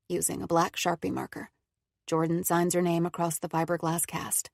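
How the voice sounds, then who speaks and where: A woman narrating an audiobook in an even, measured way. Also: lowish voice, creaky, no room sound, clean studio sound. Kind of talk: scripted narration.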